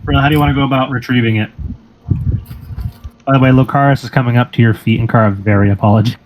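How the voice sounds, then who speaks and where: A man running a tabletop role-playing game, narrating scenes in a measured, descriptive way. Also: medium pitch, fairly even intonation, a little hiss or hum, poor audio. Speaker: game master.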